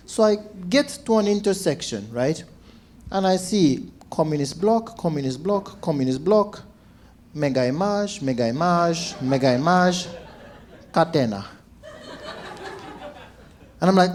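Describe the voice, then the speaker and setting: A man, a stand-up comedian telling stories to a crowd and acting out shouts and quoted voices. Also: sits high, moderate pace, a little hiss or hum. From Zambia. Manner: animated, acts out shouts and quotes. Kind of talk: stand-up storytelling.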